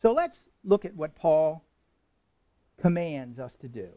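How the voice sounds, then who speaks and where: High-voiced man preaching a conversational sermon. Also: big pitch swings, takes it slowly, highs cut off. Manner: conversational preaching, asks the congregation questions, chuckles. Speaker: pastor.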